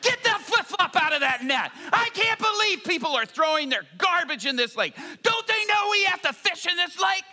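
A man's voice: very high voice, very animated, racing, hardly any pauses, pitched above the performer's own voice, full character voice. A man acting out a frustrated, exasperated fisherman during a comic sermon. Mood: exasperated ranting. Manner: ranting, exasperated and loud. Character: frustrated shouting fisherman Peter, grown man.

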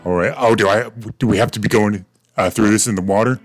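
A man's voice: lowish voice, quick pace, soft background music. A man giving casual, rambling commentary while playing a video game, swearing now and then. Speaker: gaming video creator. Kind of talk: casual let's-play commentary.

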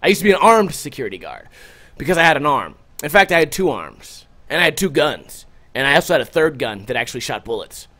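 A man's voice: on the high side, quick pace. A man hosting a casual podcast, telling a story in a loose, profane way and acting out the other people's lines. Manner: animated, profane storytelling with acted-out quotes. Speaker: podcast host.

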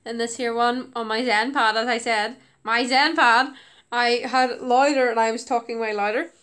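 A woman's voice: on the high side, steady tone, normal speed, a bit bright, smooth. A woman YouTuber chatting casually about her old videos, rambling with lots of "like" and giggles. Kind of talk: casual reaction commentary.

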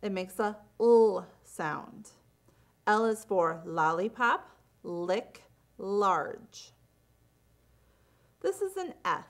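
A woman gives a phonics lesson at a very unhurried pace. She enunciates every letter sound and example word clearly, her pitch rising and falling in a lively way. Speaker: teacher. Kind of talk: slow, deliberate phonics instruction.

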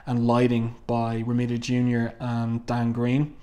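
A man's voice: mid-range voice, monotone, measured pace, mellow. Man musing through a comic review. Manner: musing, hesitant, with many ums and restarts. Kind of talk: casual review, reading panels aloud.

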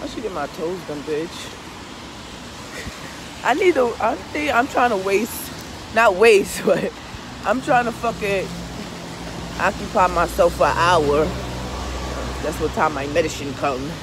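Her voice is on the low side, unhurried and punctuated by frequent pauses, with background noise in the clip. This tarot reader vlogs in a relaxed, confessional style, cursing freely, speaking emphatically, and repeatedly asking "you understand?"

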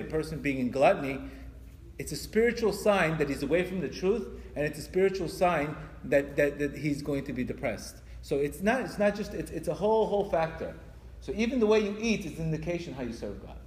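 A man giving a spiritual lecture to an audience. He talks in an animated way, stumbles through restarts and acts out quoted voices. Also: sits high. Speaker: religious teacher. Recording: echoey hall with long reverb.

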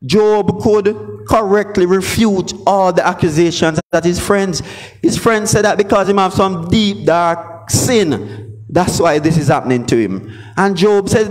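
A man's voice: sits high, expressive, measured pace. A man preaching a sermon, often calling out for responses from the congregation. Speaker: pastor.

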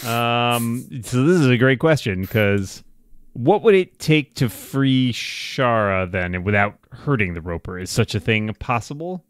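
A man's voice: medium pitch, lively intonation, unhurried, smooth, no echo, studio quality. A man playing a tabletop game, musing aloud with an amused manner. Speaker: player. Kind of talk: casual game play chat.

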